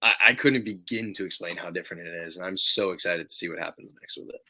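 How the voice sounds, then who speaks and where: A young man talking on a video call, his lowish voice bright and forceful. He tells stories with animated energy and laughs easily, a relaxed interview guest. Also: quick pace. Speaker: pro wrestler, interview guest. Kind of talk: casual interview chat.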